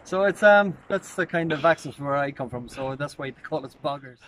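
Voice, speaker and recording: A man's voice: mid-range voice, fairly even intonation, fairly quick, a bit bright, rough recording. A man with a Tipperary Irish accent, a tour guide chatting casually and humorously with plenty of rambling. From Ireland.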